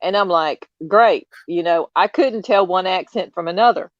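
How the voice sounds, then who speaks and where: A woman's voice: on the low side, normal speed, no echo. Opinionated woman with a light Southern accent. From United States. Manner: opinionated, emphatic, repeats herself for stress. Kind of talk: casual chat on a livestream. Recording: slightly dull lo-fi audio.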